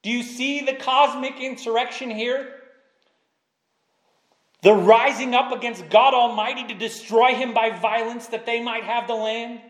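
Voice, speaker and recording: Guy preaching, fairly high voice, keeps hammering "do you see this", sounds roomy. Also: fairly even intonation, unhurried. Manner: emphatic, repeats rhetorical questions. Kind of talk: sermon.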